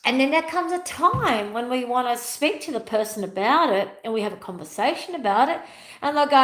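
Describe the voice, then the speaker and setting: A woman talks as a spiritual teacher in a fairly high voice. She speaks emphatically and hammers her points home by repeating them. The recording has a roomy echo from her home. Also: expressive, a little fast. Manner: emphatic, repeats key phrases. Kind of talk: spiritual motivational talk.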